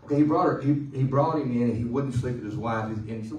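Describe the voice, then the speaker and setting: A male pastor preaching a sermon in a loose, conversational way, joking and pausing for the congregation to answer. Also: mid-range voice, darkish tone, roomy sound, distant mic, rough recording. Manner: conversational, joking, with call-and-response. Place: church sanctuary.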